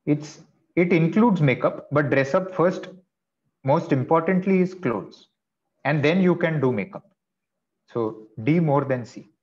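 A man's voice: a little high, unhurried, darkish tone, muffled recording. A man teaching vocabulary in an online class, explaining patiently with chatty asides. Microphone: video call.

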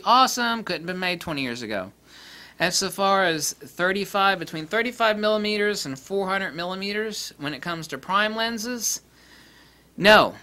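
A man ranting casually about camera lenses, blunt, profane and mocking, with big swings in pitch and loudness. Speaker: camera lens reviewer. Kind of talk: casual opinionated rant.

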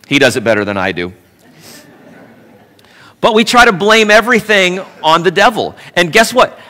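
A man preaching a sermon as pastor, animated and conversational with playful asides. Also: fairly high pitch, in a large hall. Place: church sanctuary.

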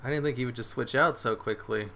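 A man giving excitable live commentary on his game, swearing and cheering his moves as he plays. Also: medium pitch, fast talker, gravelly, slight background noise. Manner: excitable, swears, laughs often. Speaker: gaming streamer.

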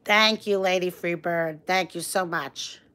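A middle-aged woman with a New York accent hosts a casual livestream from her phone, gushing as she greets viewers by name and reads their comments aloud. Her voice sits lowish with fairly even intonation, and she speaks at a measured pace with a pushed, bright quality.

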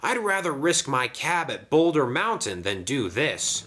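A man's voice: medium pitch, sing-song, measured pace, pushed and bright. A man voicing a grumpy, fussy male engine who complains in a toy train story. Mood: grumbling. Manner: complaining, snooty.

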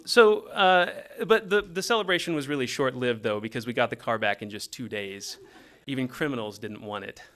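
A man from Texas tells a funny story with wry timing and a voice that swings up and down a lot. His tone is bright and forward. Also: mid-range voice. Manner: wry, animated delivery. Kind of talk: scripted comedic storytelling.

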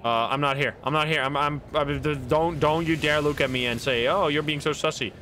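An excitable man commentating his gameplay live, swearing and laughing as he narrates each move. His voice is bright and forceful, slightly raised in pitch. Faint noise sits under the recording. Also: a little fast. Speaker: streamer.

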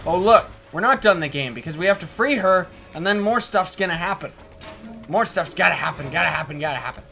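Goofy high-voiced man commenting on a game. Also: lively intonation, a little fast, gravelly, faint music behind. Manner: goofy, joking, shouty while fighting. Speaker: let's play host.

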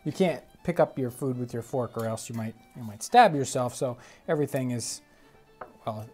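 A man hosting a cooking show, chatting casually as he tastes food, relaxed and repeating words as he thinks. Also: mid-range voice, normal speed, faint music behind. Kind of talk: casual tasting chat.

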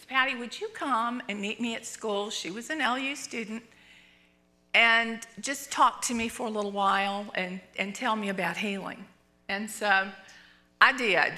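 Older female church teacher, bright tone, animated storyteller voicing the people in her stories. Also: mid-range voice. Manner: animated, laughing storyteller acting out quotes. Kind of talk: storytelling sermon. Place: church sanctuary.

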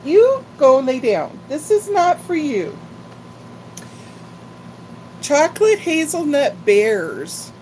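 A woman's voice: high voice, sing-song, takes it slowly, pauses often, a little mellow, slight background noise, low-quality recording. An older woman chatting casually and rambling on a live-stream haul video, talking like a grandmother. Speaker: vlogger.

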